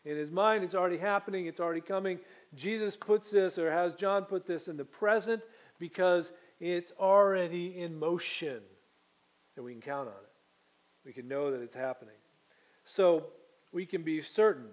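A man pastor preaching a conversational sermon, pausing to quiz the congregation and correcting himself as he goes. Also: high-pitched. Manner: self-correcting, many fillers and restarts.

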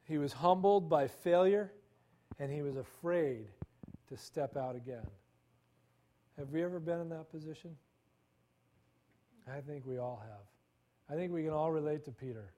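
A man's voice: on the high side, normal speed, long pauses, warm tone. A male pastor giving a conversational sermon, acting out quoted dialogue with stammering repetitions.

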